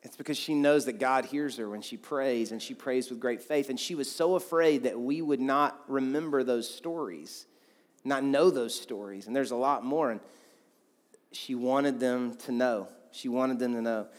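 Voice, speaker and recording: A man's voice: medium pitch, normal speed. A man, a pastor telling stories in a sermon in a loose, conversational way with many asides. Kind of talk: sermon storytelling. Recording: long hall reverb.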